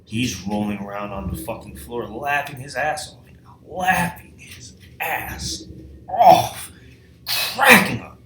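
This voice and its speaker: Male storyteller, profane and exasperated, drops to whispers then yells, slow delivery, echoey room, music in the background. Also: mid-range voice, a little hiss or hum. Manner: profane, exasperated, swings from hushed whispers to shouting. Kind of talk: comedic horror storytelling. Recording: echoey room, distant mic, music behind.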